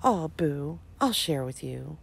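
Woman reading a cutesy teen girlfriend's texts; low, unhurried voice. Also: lively intonation, gravelly, slightly rough, heavily acted. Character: teenage girl texting her boyfriend, cutesy.

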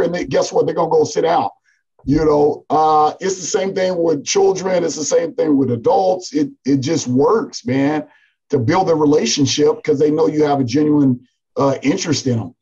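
A man with a husky, slightly higher voice tells animated stories in a casual podcast chat. He often drops "man" and "like" between thoughts. The audio is a bit muffled. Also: moderate pace. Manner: animated storytelling, frequent "man" and "like". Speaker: college basketball coach.

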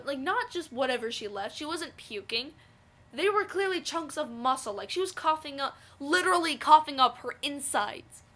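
High, bright-voiced young woman rambling. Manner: rambling, filler-heavy, excitable. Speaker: vlogger. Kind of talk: casual storytelling vlog.

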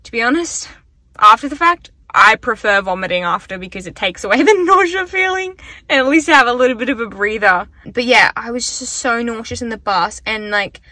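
A woman's voice: on the high side, animated, brisk, sharp tone, dry recording. A young woman vlogging casually, rambling with lots of "like". She sounds tired and weak from being sick. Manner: chatty, rambling, full of "like". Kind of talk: casual vlog diary. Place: bus, then a car.

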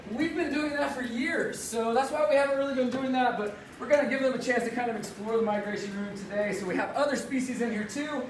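An upbeat man with a very high voice presents as a zookeeper in a casual educational live stream, chatting through a face mask. He's in an indoor zoo birdhouse with penguins, and the echoey room, distant mic and faint noise are all audible.

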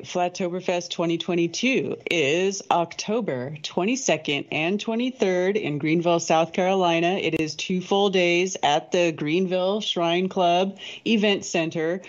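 Female co-host with a lowish voice, upbeat, heard over a muffled remote line. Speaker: co-host and event organizer. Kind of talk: casual chat.

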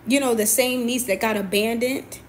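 A woman's voice: on the high side, steady tone, normal speed, slight background noise. A young adult woman, a boxer, venting to camera in a confrontational, emphatic way, often repeating her points. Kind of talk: personal venting monologue.

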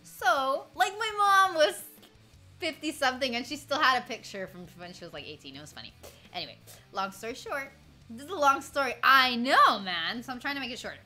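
A woman's voice: sits high, animated, fairly quick, pushed and bright, faint music behind. A woman in her twenties chatting casually with her stream viewers, rambling through stories, laughing often and greeting chat along the way. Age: 20s. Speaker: livestreamer.

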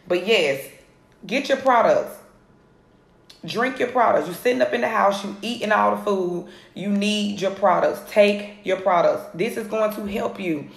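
Energetic woman coaching on phone. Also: mid-range voice. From Atlanta area, US. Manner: energetic, directly addresses viewers, repeats points. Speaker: home business coach. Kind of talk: live social media coaching. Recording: roomy phone recording.

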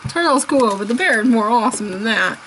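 A woman chatting casually as she unboxes toys, gushing and excitable, laughing often. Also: a little high, fairly quick, a little hiss or hum, rough recording. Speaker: unboxing vlogger.

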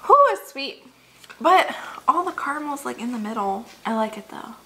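A young woman with a slightly raised pitch, chatting eagerly about food as she co-hosts a casual tasting video. She reads menu descriptions aloud with relish, and faint noise sits behind her. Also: expressive, normal speed, pushed and bright, low-quality recording. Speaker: food vlog co-host. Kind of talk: casual food review chat.

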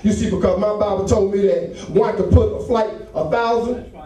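High-voiced pastor preaching in an echoey church. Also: male voice, normal speed. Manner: fervent, rising to shouts, call-and-response. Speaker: associate pastor. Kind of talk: sermon. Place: church sanctuary. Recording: very echoey church hall, mic far off.

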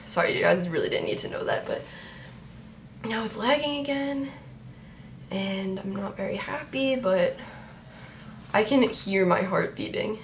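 A young woman reacting to a sports draft on her vlog, chatty and excitable, talking to her viewers. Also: medium pitch, a little slow, pauses often. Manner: excitable, talks to viewers, repeats herself. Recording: roomy echo, faint background noise.

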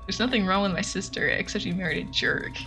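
A woman voicing a gruff, suspicious male detective, reading in a tough, grumbling manner over faint game music. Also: mid-range voice, fast, close to an everyday voice.

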